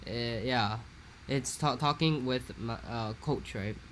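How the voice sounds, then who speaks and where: A young man from Hawaii, telling a rambling, animated story in a casual podcast chat. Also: mid-range voice, takes it slowly, slight background noise. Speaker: podcast co-host.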